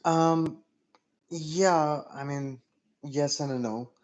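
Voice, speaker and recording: A man asking questions during an online training meeting. He speaks carefully and apologetically and rephrases himself to be clear. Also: fairly high pitch, steady tone, very slow, a little mellow. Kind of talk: casual meeting talk.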